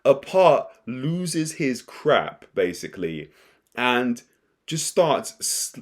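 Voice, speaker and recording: Young man, casual anime recap, excitable, rambling, restarts mid-sentence, mid-pitched voice. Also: very slow. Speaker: anime commentator.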